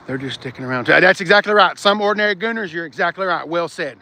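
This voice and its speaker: Man, high bright voice, rambling livestream host, reads chat, gets loud when fired up. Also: fairly quick, hardly any pauses, a little hiss or hum. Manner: animated, rambling, swings to shouting when worked up. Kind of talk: casual car talk livestream.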